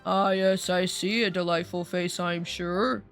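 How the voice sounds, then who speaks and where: A woman doing a flat, stiff old judge. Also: lowish voice, soft background music. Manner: formal, measured courtroom speech.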